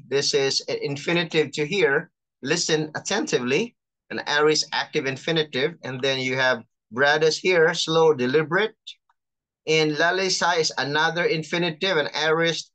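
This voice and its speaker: Bright-voiced patient chaplain lecturing online. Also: medium pitch. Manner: patient, explanatory, reading out terms slowly.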